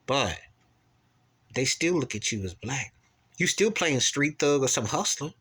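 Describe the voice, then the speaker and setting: Guy vlogging a heated rant, preachy, repeats himself, voice shoots up high when he gets worked up. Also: lively intonation, moderate pace, bright, forceful tone, breathy edge. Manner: impassioned, preachy, repetitive, with sudden high-pitched outbursts. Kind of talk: opinion rant to camera.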